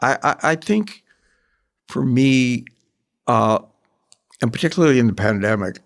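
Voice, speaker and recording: Older guy chatting slow and thoughtful, lots of restarts, regular middle voice. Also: medium pitch, animated, gravelly. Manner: reflective, halting, many restarts. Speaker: guest, longtime show producer. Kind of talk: casual conversation.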